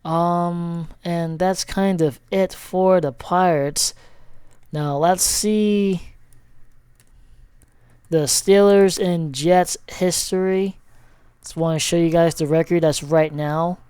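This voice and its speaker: Man, sports vlogger, casual recap; smooth clear voice, unhurried, chatty and full of fillers. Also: fairly high pitch, steady tone, a little mellow, no echo. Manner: rambling, many fillers and self-corrections. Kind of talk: casual sports recap over a shared screen.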